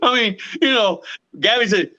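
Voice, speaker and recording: A man in his thirties hosting a podcast, chatting casually and telling profane, animated stories. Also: high voice, moderate pace, muffled recording. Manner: profane storyteller, animated retelling. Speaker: podcast host. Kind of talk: casual chat.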